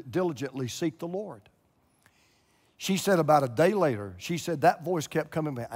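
A pastor preaching a televised sermon, swinging between hushed and loud emphatic lines. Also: male voice, fairly high pitch, expressive, moderate pace, in a large hall. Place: large church room.

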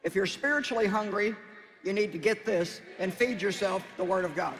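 A man's voice: high-pitched, moderate pace, a bit bright, big-room sound, a little hiss or hum. A man preaching a sermon in a folksy, conversational way, with emphatic exhortations.

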